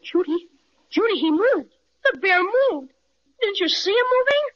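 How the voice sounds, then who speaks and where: A woman voicing an eager, excitable young boy in a 1930s radio drama, full of exclamations and old-fashioned slang. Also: very high-pitched, unhurried, full character voice. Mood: excited. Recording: dull old radio transcription.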